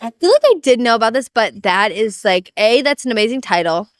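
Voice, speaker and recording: A woman's voice: a little high, animated, fairly quick, no echo. Woman, podcast co-host, casual chat, rambling, playful, dry close sound. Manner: chatty, rambling, playful teasing.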